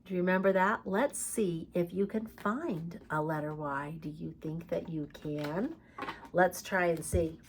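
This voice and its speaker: A woman reading a picture book aloud and leading a preschool lesson with songs, speaking slowly and encouragingly to small children. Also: lowish voice, animated. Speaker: preschool teacher.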